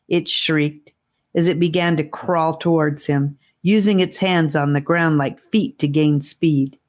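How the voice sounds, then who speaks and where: Woman audiobook reader, low voice, slow steady pace, expressive narration.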